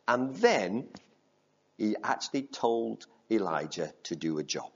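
A man preaching and reading scripture, his husky voice rising and falling a lot as he talks. He keeps it conversational and repeats key lines for emphasis. The recording sounds dull and lo-fi. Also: on the low side, sing-song, slow.

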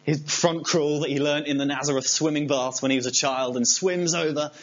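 A man's voice: fairly high pitch, steady tone, a little fast. A man preaching a sermon in a conversational, humorous storytelling manner. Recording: slightly dull recording with faint hum.

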